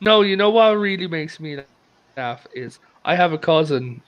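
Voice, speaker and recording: A man's voice: a little high, normal speed, lo-fi sound. An Irish man hosting a casual chat, telling stories with lots of laughter. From Republic of Ireland. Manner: animated storyteller, laughs often. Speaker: podcast host.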